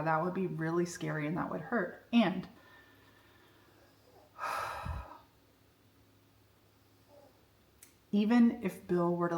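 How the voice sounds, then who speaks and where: A middle-aged woman giving a candid, reflective personal monologue, telling her story frankly. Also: mid-range voice. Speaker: self-development speaker. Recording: echoey room.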